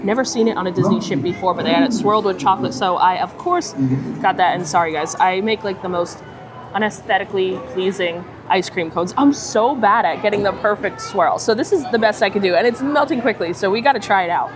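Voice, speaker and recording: A woman's voice: medium pitch, brisk. A woman hosting a casual food vlog, chatty and upbeat as she reviews dishes. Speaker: food vlogger host. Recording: crowd chatter behind. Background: crowd chatter on a cruise ship.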